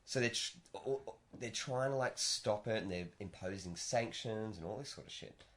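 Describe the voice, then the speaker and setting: A man with a low voice co-hosts a casual podcast. He tells stories with energy and jumps into louder, higher voices when he acts out both sides of an argument. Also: normal speed. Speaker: podcast co-host. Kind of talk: casual chat. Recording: stereo podcast mic.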